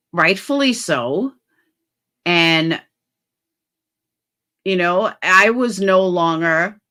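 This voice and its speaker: A woman hosting a casual livestream, reading viewer comments aloud and answering bluntly, with swearing and quick jumps between low mutters and loud outbursts. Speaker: livestream host.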